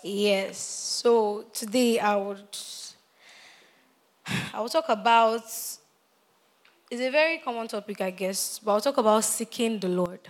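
A woman preaching a sermon, repeating key phrases and building from quiet prayer to loud, impassioned exhortation. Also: medium pitch, slow pace, pauses often.

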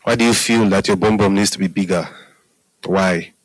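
Speaking at normal speed with fairly even intonation, a low-voiced man preaches conversationally, often saying "Hallelujah" and asking "are we together?" to see if his listeners follow. The recording has no echo but is low quality.

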